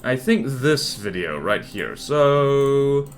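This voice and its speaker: A man's voice: medium pitch, lively intonation, takes it slowly. Rambling male game streamer, faint music. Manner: rambling, filler-heavy, self-deprecating. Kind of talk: casual live-stream chat while building in a game. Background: faint music and keyboard typing.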